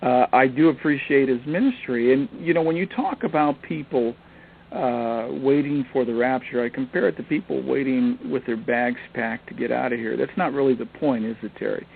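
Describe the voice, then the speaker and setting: Gravelly middle-aged male radio host. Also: mid-range voice, moderate pace. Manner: affirming, chatty, short agreements. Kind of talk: phone-in radio interview. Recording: phone-quality line with faint hiss.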